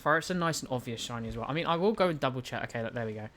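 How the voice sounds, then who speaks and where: Young british guy streaming, rambly, keeps restarting his sentences, mid pitched, bit of faint noise behind. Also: animated, very fast, a bit bright. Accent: British English. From United Kingdom. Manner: rambling, stumbling restarts, reads and answers chat. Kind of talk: casual live-stream chat while gaming.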